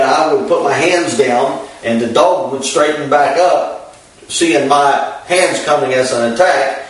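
A man tells a story from the pulpit in a folksy, unhurried way, often pausing on fillers. His voice sits at an ordinary middle pitch. It sounds echoey and far from the microphone. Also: slight background noise. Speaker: preacher. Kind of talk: storytelling sermon.

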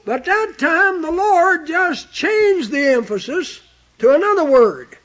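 High-voiced slow preacher, lo-fi. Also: male voice, lively intonation, fairly bright tone. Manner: emphatic, drawn-out scripture quoting. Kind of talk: sermon. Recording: dull lo-fi recording.

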